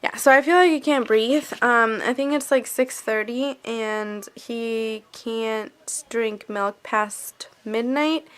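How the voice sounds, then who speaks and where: A young mother vlogs casually to camera, anxious and rambling, with fillers and thoughts that trail off. Her voice is steady, slow and clean with few pauses, and she switches into high, playful baby talk with her son.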